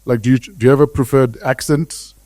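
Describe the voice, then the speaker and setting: Host role: South African-born man, lively interviewer, mellow tone, dry studio sound. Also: mid-range voice, fairly quick, dry recording. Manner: lively, playful introductions. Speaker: podcast host. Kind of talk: upbeat interview hosting.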